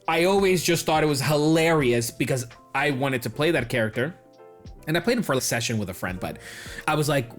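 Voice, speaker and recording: A man who runs the game on a tabletop podcast, talking in a lively, casual way and briefly acting out the characters he quotes. His voice sits a little higher than most men's, and faint music plays quietly behind him. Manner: animated, acts out quoted characters. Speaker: game master.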